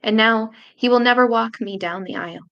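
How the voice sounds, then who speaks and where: Brief: woman poet, slightly high voice, slow deliberate reading of her own verse, long pauses, intimate and grave. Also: lo-fi sound.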